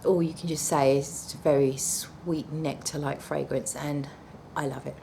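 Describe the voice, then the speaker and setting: A woman's voice: low-pitched, fairly even intonation, normal speed, gravelly, warm tone, slight background noise. A woman reviewing perfumes in a casual vlog, chatty and gushing with blunt, apologetic asides.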